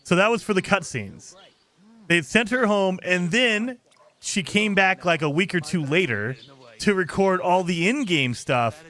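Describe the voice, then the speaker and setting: A man's voice: sits high, lively intonation, unhurried, pushed and bright. A man hosting a let's-play, commenting casually and with exasperation over the game, often laughing. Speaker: gaming channel host.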